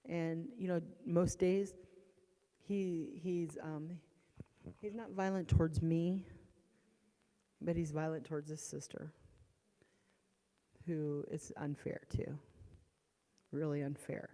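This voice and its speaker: A middle-aged woman gives an emotional personal testimony in a church. Her voice swings from hushed to loud and strained, and she talks haltingly with restarts. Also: low-pitched, level tone. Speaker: church member giving a testimony. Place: church sanctuary. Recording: long church hall reverb.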